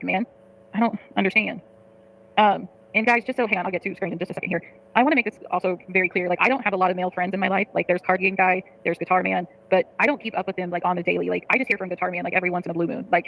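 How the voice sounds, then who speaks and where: A woman streams live and vents to her viewers, cursing freely as she reads their comments. Her words rush out at a breakneck pace. A gravelly fry runs under her voice. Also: on the low side, dull audio. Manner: rapid, profane, frustrated venting. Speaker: livestreamer. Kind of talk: venting to live chat.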